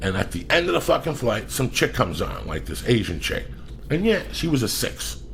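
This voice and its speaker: A male podcast host telling a profane, blunt, animated story. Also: medium pitch, normal speed, gravelly, slight background noise.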